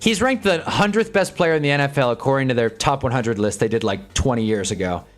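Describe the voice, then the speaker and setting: A man hosting a live stream, chatting casually and sarcastically in a rambling, animated way, reading chat and reacting as he goes. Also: medium pitch, a little fast, soft background music. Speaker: livestream host.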